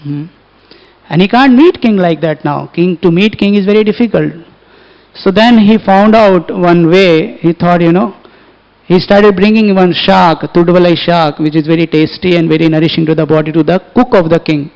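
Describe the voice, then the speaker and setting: A man's voice: sits high, normal speed, darkish tone. A man with an Indian English accent preaching a storytelling sermon in a temple hall, animatedly acting out the dialogue. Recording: echoey hall, dull lo-fi recording.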